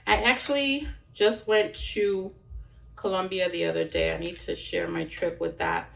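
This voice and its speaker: A woman's voice: lowish voice, steady tone, moderate pace, gravelly. A young woman chatting casually while she cooks in a home kitchen, rambling with fillers and restarts. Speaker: cooking vlogger. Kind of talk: casual cooking chat. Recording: roomy sound from a distance.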